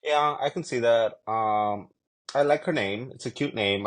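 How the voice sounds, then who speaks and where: A man co-hosting a podcast, chatting in a lively way with quick asides. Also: mid-range voice. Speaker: podcast co-host. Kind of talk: casual chat.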